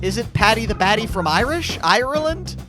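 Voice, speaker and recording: A young man co-hosting a podcast, telling a travel story in a casual, animated way and acting out what others said. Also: high-pitched, brisk, music in the background. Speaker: podcast co-host.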